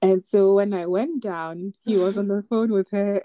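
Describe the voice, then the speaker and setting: In a casual podcast chat, a young adult co-host shares a personal story, using lots of filler words and laughing lightly. She speaks at a moderate pace with few pauses, in a medium-pitched, dark-toned voice with fairly even intonation.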